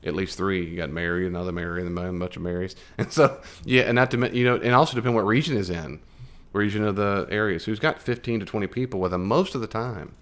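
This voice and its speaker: Leading a Bible study class, a man from the United States talks casually with a quick pace and a fairly low yet fairly bright voice. He frequently asks the group questions and dramatizes each scripture passage he cites.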